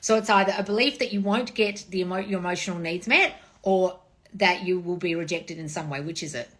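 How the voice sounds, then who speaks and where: A woman in her forties, a dating and manifestation coach, chatting casually on a livestream with blunt, profane tough love and swooping high replies. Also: fairly quick, a bit bright. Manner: sweeping high "oh wonderful, darling" replies. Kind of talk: casual livestream chat reading comments.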